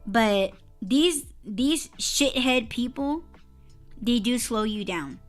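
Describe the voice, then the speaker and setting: A woman's voice: a little high, expressive, slow pace, faint music behind. Woman venting with heavy swearing. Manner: heated, profane venting with bursts of laughter. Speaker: podcast co-host. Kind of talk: casual podcast storytelling.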